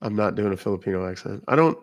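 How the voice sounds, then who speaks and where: A man's voice: fairly low pitch, expressive, fast talker. Rambling British man chatting live. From England. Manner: rambling, self-interrupting, chatty. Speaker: livestream host. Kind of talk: casual livestream chat answering viewers.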